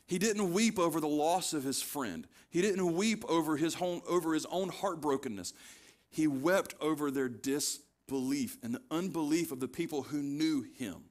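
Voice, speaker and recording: A man's voice: a little high, normal speed. A man preaching a conversational sermon as pastor, retelling scripture scenes casually and pressing his points with repetition.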